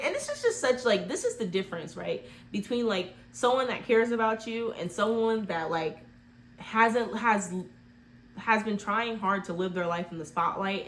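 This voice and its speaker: A woman's voice: mid-range voice, slight background noise. Rambling chatty woman retelling a movie. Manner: rambling, heavy use of "like" fillers.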